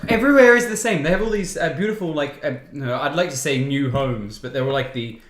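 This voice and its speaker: A man's voice: a little high, quick pace, fairly bright tone, reverberant. A man with an English accent from Pinner, telling stories in a casual podcast chat. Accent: Pinner English, living in Australia. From England. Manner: storytelling, chatty, laughs often. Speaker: podcast co-host.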